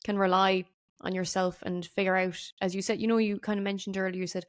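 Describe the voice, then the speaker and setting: A woman's voice: medium pitch, level tone, fast. A woman hosting a podcast interview, talking in a rambling, enthusiastic, casual way. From Ireland. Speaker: podcast host.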